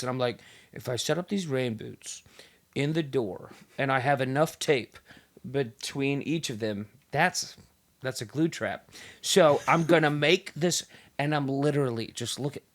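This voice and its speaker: A man's voice: medium pitch, measured pace. A man chatting casually on a podcast with friends, telling a story and acting out the voices in it. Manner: animated storyteller who acts out voices in quotes. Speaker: podcast co-host. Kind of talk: casual chat among friends.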